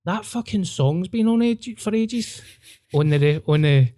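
A Scottish man with a Glaswegian accent, hosting a podcast and telling a wild story in an animated, sweary way, acting out voices. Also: high-pitched, unhurried. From Scotland. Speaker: podcast host. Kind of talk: casual storytelling chat.

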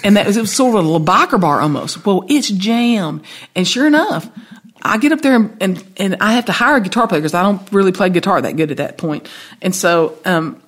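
A woman's voice: mid-range voice, brisk. A woman songwriter with a Southern accent, telling a long anecdote in an interview and acting out the voices of the people in it. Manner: animated storyteller, acts out quoted voices. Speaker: songwriter guest. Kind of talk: storytelling interview.

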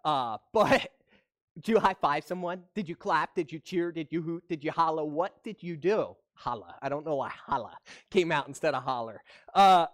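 A man's voice: on the high side, expressive, moderate pace. A man preaching a livestreamed sermon, talking casually and often asking his listeners questions. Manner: conversational preaching, asks the audience questions. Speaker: pastor.

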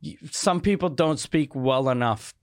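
A comedian from Quebec co-hosting a podcast, laid-back and swearing freely, with lots of quick agreement. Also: male voice, mid-range voice, clear, resonant tone, no echo, clean studio sound. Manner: laid-back, profane, frequent agreeing interjections. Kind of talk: casual podcast chat.

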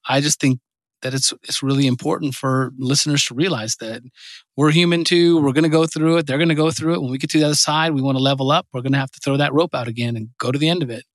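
Podcast host, adult man, mid-pitched, earnest and encouraging, dry sound. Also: steady tone, fast, no room sound. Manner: earnest, encouraging, filler-heavy. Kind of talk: casual chat.

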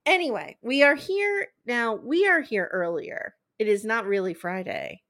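A woman hosting a podcast, recapping a TV show in a chatty, animated, gossipy way. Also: a little high, a little slow. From eastern United States. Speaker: podcast host. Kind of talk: casual podcast chat.

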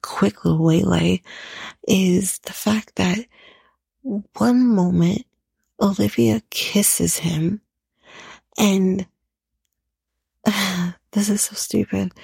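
A woman's voice: lowish voice, steady tone, takes it slowly, gravelly, long pauses, warm tone, breathy edge, no room sound. A young woman hosting a podcast, recapping a reality show in a profane, opinionated rant. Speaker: podcast host.

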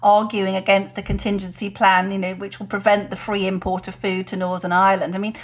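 Speaking a little fast in a medium-pitched, level voice, this sixty-something woman chats casually as co-host of a political podcast. She comes across as opinionated and indignant.

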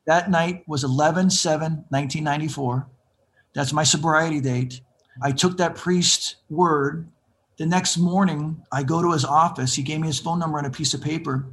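A man in his fifties telling his own life story in an interview, animated and acting out the voices of people he quotes. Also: a little high, moderate pace. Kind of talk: conversational storytelling.

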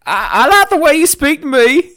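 A man voicing a tiny, disgusting, lecherous little man who stammers nervously in a squeaky voice. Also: sing-song, normal speed, pushed and bright, heavily acted.

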